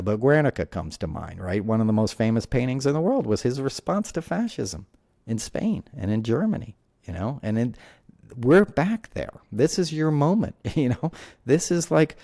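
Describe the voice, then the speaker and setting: A man's voice: low-pitched, creaky, warm tone, no echo, studio quality. A man hosting his own podcast, talking alone in a passionate, rambling way, full of "you know" and "right?". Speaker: podcast host. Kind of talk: solo podcast monologue.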